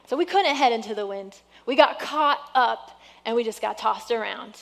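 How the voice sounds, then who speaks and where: A woman pastor preaching a sermon in a lively, conversational way. She mixes encouragement with self-deprecating humor, and her voice sits a little on the high side. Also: normal speed, vocal fry, in a large hall.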